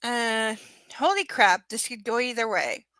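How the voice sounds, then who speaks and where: As she reads a romance novel on a live stream, a woman drops in chatty, sarcastic commentary and casual swearing. Her slightly high voice is pushed and bright with lively intonation, a little slow in pace, and free of echo.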